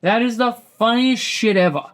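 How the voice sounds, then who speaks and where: A man's voice: very high-pitched, moderate pace, fairly bright tone. A man hosting a casual show, rambling through a profane recap and acting out quotes in passing. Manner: rambling, swears often, acts out quotes. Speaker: podcast host.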